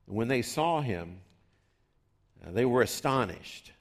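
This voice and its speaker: A man preaching a sermon in a conversational way, rising for emphasis and dropping low for asides. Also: lively intonation, takes it slowly. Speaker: pastor.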